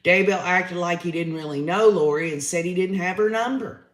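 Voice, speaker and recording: Chatty high-voiced man. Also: normal speed, fairly bright tone, roomy sound. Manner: chatty, opinionated, says y'all often. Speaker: livestream host reading chat. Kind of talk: casual livestream commentary.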